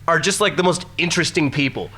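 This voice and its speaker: Eager podcast guy rambling thru a story, bright punchy voice, kinda high. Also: quick pace. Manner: enthusiastic, rambling with fillers and laughs. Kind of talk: casual chat.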